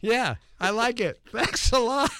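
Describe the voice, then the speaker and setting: A man's voice: very high-pitched, animated, slow pace, fairly bright tone, clear, resonant tone. A man hosting a call-in radio show who laughs easily and talks with many hesitant fillers. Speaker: radio talk show host.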